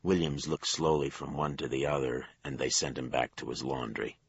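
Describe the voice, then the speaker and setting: A man narrating a crime thriller audiobook in a measured storytelling manner. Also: rumbling low, flat delivery, breathy edge, no echo, muffled recording. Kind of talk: scripted narration.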